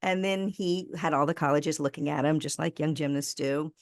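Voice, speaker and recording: A woman in her fifties with an American accent, a podcast guest telling personal stories in an earnest, animated way. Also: deep voice, moderate pace, dry recording, clean studio sound. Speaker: podcast guest, resilience speaker. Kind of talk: conversational interview storytelling.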